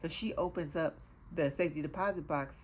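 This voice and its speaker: Woman, casual recap host, lower register, chatty and animated, filler-heavy. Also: brisk, slight background noise. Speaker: TV show reviewer, host.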